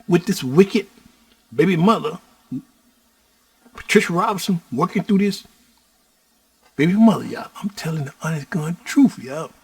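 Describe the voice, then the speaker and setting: A middle-aged man from Houston, Texas, telling his own story as host in a slow preaching cadence that keeps addressing the listeners as "y'all". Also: a little high, a little mellow, breathy edge, no room sound. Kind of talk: personal storytelling monologue.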